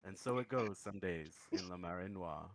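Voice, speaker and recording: A man running a tabletop game as game master, telling the story in a relaxed, easygoing way. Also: low-pitched, normal speed, dry recording.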